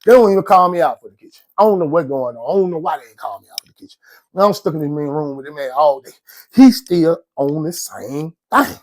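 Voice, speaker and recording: A man's voice: fairly high pitch, expressive, rapid-fire, darkish tone. A man, casually telling his own story in a slangy, rambling way and often checking in with the listener. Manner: slangy, rambling, keeps asking "you know what I'm saying".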